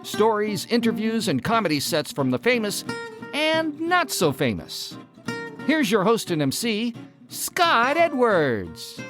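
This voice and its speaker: A woman reading a scripted, lively show intro as the announcer. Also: mid-range voice, slow pace. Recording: over guitar music. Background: plucked guitar music.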